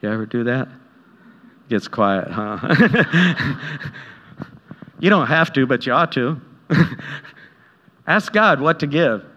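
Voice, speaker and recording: Speaking slowly and pausing often, this male pastor preaches in a conversational style, acting out quotes from scripture and his own stories and laughing softly at them. His medium-pitched voice has a sharp tone and lively intonation. The audio is dull and carries a long hall reverb.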